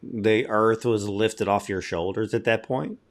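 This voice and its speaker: A man hosting a film interview, asking questions and commenting in a thoughtful, measured, affirming way. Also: lowish voice, steady tone. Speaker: interviewer, film show host.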